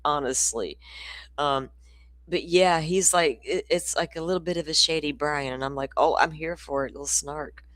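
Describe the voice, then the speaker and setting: A woman's voice: low voice, a bit bright, dry recording. A woman from Florida with a Southern accent, hosting a casual true crime stream and chatting with viewers in a loose, storytelling way. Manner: chatty, laughing, storytelling asides. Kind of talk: casual livestream chat.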